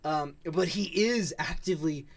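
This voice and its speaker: Man, podcast co-host, casual and animated banter. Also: on the high side, unhurried, vocal fry, no room sound. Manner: animated, laughing protest when teased. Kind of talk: casual chat.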